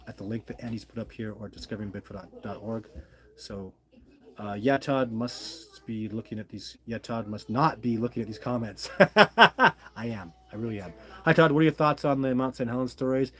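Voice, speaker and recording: A man's voice: lowish voice, fairly even intonation, a little fast, breathy edge. A middle-aged man hosting a casual livestream, chatting and reading viewer comments aloud in a friendly, apologetic way. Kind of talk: casual live-stream chat.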